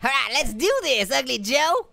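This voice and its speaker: A squeaky, cackling cartoon orange. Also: animated, moderate pace, creaky, over loud music. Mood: taunting glee. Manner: taunting, giggly, constant cackling laughs and wisecracks. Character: cheeky, hyper male cartoon orange. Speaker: gameplay commentator. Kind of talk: comedic VR boxing playthrough commentary.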